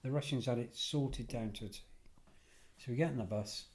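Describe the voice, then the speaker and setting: A middle-aged English man, a podcast guest, telling lively anecdotes in a casual conversational way and often correcting himself mid-sentence. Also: medium pitch, brisk. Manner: animated anecdotal storyteller, self-correcting. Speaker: podcast guest, former detective and security head. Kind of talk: casual storytelling.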